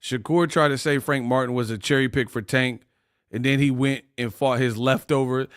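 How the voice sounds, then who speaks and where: A man's voice: medium pitch, normal speed, smooth, no room sound, clean studio sound. Laughing, trash-talking man on a livestream. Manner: animated, laughing, trash-talking chat readers. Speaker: boxing livestream host. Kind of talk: casual livestream commentary.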